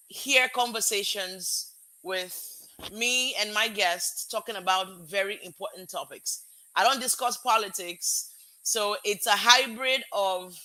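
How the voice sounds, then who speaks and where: A woman hosting her own live-streamed show in casual chat, bubbly and excitable, greeting viewers one by one from home. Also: mid-range voice. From Africa. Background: music playing.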